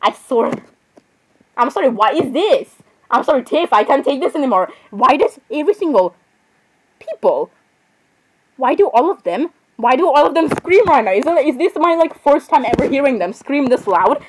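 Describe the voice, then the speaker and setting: A woman's voice: high-pitched, big pitch swings, moderate pace, a little mellow, a little hiss or hum, rough recording. A woman giving casual gameplay commentary, chatty and playfully sarcastic, laughing often. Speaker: gamer.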